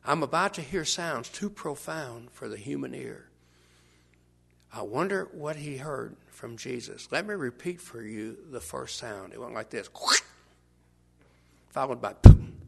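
An older man preaching a sermon, shifting from hushed asides to shouts as he acts out scenes. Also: medium pitch, a little slow, gravelly, breathy edge. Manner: animated, swings from hushed to shouting, acts out bystanders.

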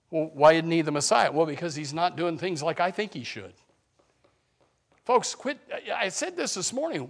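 A male preacher with a notably high voice delivers a sermon that swings between hushed, conversational asides and loud, impassioned passages. He often stumbles into restarts and repeats words as he builds momentum.

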